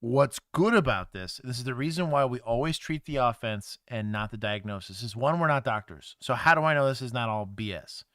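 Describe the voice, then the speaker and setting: A man's voice: medium pitch, brisk, few pauses, no echo, clean studio sound. A man from Texas, a former police officer co-hosting a casual livestream, who tells stories with frequent laughter. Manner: laughs often, animated storytelling with put-on quotes.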